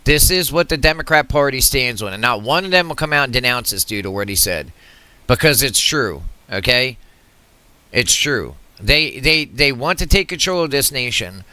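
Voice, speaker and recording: Bright, heated ranting man. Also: mid-range voice, lively intonation, moderate pace, clean tone, no echo. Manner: agitated, repetitive, swearing, restarts often. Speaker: political commentary vlogger. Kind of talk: heated rant to camera.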